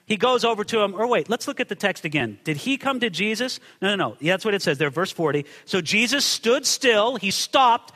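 A man preaching a sermon, reading scripture and acting out the quotes with sudden shouts and hushed drops. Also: expressive, brisk, hardly any pauses, in a large hall. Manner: dramatic, acts out quotes with big swings in pitch and volume. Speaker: pastor. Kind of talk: expository sermon.

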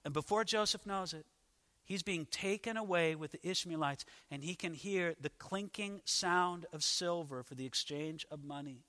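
Bright-voiced preacher with hall echo. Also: male voice, a little high, normal speed. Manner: dramatic storytelling, rhetorical questions, shifting volume. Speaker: pastor. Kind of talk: sermon.

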